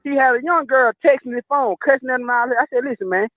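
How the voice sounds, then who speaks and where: This is a man calling into a talk show with a very high voice and a fast pace. He tells his story bluntly and swears often. The audio is dull and dry, with no room sound. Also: no echo. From Atlanta, USA. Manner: profane, emphatic, blunt. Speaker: caller. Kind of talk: call-in storytelling.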